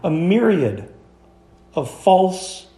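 High-voiced pastor preaching in a roomy church. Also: male voice, big pitch swings, drawn-out words, mellow. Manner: emphatic, asks the congregation questions. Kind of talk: sermon. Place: church sanctuary.

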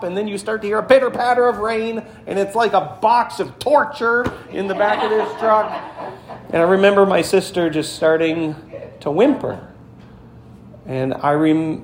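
A pastor with a high voice delivers his sermon in a relaxed, storytelling way, turning often to his listeners with questions. He is a man, and his voice rings in an echoey room with a faint hum behind it. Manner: conversational storytelling, speaks to the congregation directly.

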